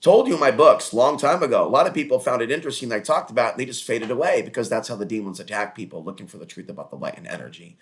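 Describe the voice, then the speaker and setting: A man's voice: medium pitch, lively intonation, very fast, few pauses. A man hosting his own online talk show in a rambling, crude, digressive monologue with mocking asides.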